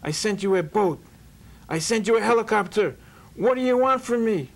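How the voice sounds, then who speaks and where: A man doing an exasperated Almighty, rising loud. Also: high-pitched, lively intonation, moderate pace, voice pushed up. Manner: exasperated, building. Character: exasperated Almighty God, fatherly.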